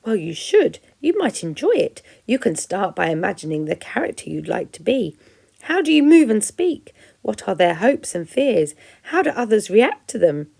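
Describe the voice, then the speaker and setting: A woman's voice: medium pitch, very animated, moderate pace, creaky, dark tone. A woman reading aloud and voicing a theatrical, chatty female opossum who loves performing. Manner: gushing, dramatic.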